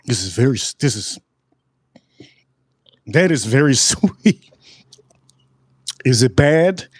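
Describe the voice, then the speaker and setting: A man hosting a casual live tasting review, excitable and repeating himself for emphasis. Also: mid-range voice, takes it slowly, no echo. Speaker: spirits reviewer host.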